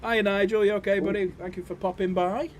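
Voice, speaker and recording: A man hosting a casual livestream, jokey and laughing often, with loud cheerful greetings. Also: sits high, steady tone, a little fast, a little hiss or hum. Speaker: livestream host.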